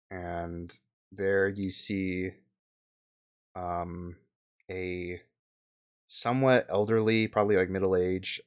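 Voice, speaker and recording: As game master of a tabletop role-playing game, a man describes scenes haltingly, leaning on many fillers. His voice is low and clean in tone.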